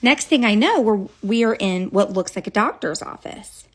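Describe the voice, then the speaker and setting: A woman's voice: medium pitch, animated, normal speed, husky. A woman telling a childhood story straight to a phone camera, casual and dramatic, with chatty asides.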